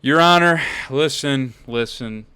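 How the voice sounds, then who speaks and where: A man's voice: mid-range voice, unhurried, a crowd in the background. A man streaming a courtroom game, arguing in a brash, rambling way as a defense lawyer. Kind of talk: improvised role-play banter.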